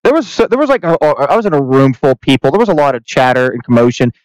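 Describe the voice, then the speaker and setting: A man's voice: mid-range voice, very animated, racing, no room sound, poor audio. A young man co-hosting a podcast, chatting casually, rambling with lots of restarts and swearing. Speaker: podcast co-host. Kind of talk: casual chat.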